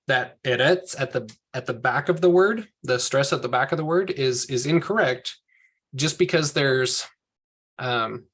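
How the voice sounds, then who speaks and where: A man's voice: medium pitch, fairly bright tone, husky. A man teaching a group language lesson, explaining patiently step by step and correcting himself as he goes. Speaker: Hebrew teacher.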